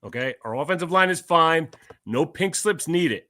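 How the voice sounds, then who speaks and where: A man's voice: a little high, expressive, normal speed, pushed and bright, dry recording. A middle-aged man talking sternly in heated casual chat, lecturing and pressing for agreement. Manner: stern, lecturing, repeats "okay?".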